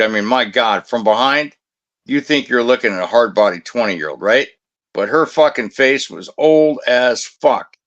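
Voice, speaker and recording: A man's voice: mid-range voice, fairly bright tone. A man who used to guard a cemetery tells blunt, profane anecdotes in casual chat. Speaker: former cemetery security guard.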